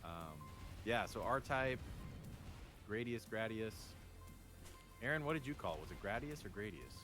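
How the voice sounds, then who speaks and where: American man, low voice, very lively intonation, joking guest on a game stream. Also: measured pace. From United States. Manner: relaxed, chatty, joking. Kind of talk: casual chat while playing a game. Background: game music.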